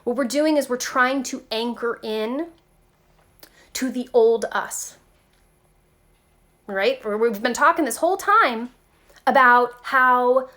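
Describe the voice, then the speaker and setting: A woman with a slightly high voice gives an informal spiritual talk straight to her viewers. Her delivery is lively and chatty, full of "like" and "okay". She sounds like a vlogger thinking out loud. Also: slow, long pauses. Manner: animated, chatty, peppered with "like" and "okay".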